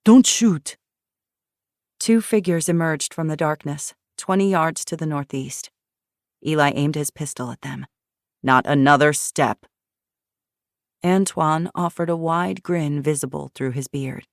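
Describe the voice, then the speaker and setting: A woman narrating an audiobook in a steady, measured reading style into a close mic. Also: low-pitched, creaky, no room sound. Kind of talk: scripted narration.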